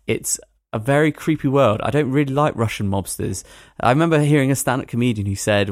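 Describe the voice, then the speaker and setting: A man hosting a podcast, reviewing a film in a rambling, animated way with plenty of hedging fillers. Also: medium pitch, brisk, few pauses, no room sound, studio quality. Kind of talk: casual podcast chat.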